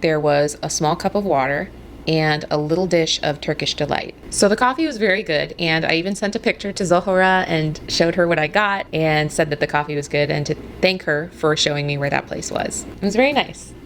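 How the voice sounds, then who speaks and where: Young woman, gushing travel vlogger, slightly low voice, faint road noise behind. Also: a little fast. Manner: enthusiastic, gushing. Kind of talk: casual travel vlog.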